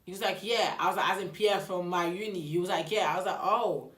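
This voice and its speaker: A woman's voice: on the low side, brisk. Chatty young woman, roomy echo. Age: young adult. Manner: chatty, animated retelling with quoted dialogue. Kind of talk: casual storytime vlog.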